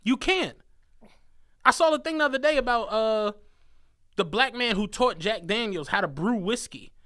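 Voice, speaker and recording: Philly podcast co-host, animated storyteller, bright voice, swings up and down in pitch. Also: male voice, moderate pace. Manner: animated, profane, acts out quotes in shifting voices. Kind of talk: casual storytelling chat.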